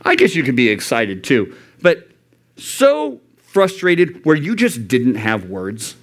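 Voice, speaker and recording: Animated male youth pastor preaching. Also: medium pitch, takes it slowly. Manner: animated, acts out quoted voices. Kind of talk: sermon. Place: church youth service.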